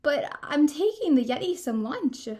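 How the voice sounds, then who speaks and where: A woman voicing an eager young boy explorer who shouts with glee in a storybook read-aloud. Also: high-pitched, sing-song, measured pace.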